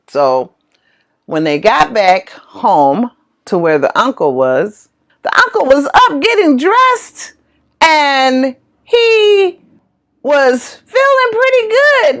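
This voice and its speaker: Animated slow-talking woman. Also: fairly high pitch. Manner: animated, exclaims often. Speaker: vlogger. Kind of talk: casual storytelling.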